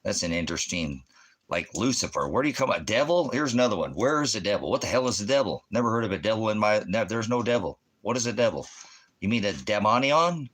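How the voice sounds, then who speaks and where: A man's voice: fairly low pitch, big pitch swings, fast, a bit bright. A man preaching in a ranting religious monologue, combative and full of rhetorical questions.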